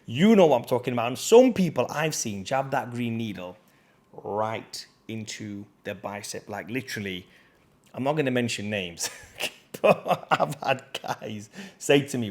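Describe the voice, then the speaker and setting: A man's voice: medium pitch, lively intonation, measured pace. A man, a fitness coach, talking casually to camera in a slangy, chatty storytelling way.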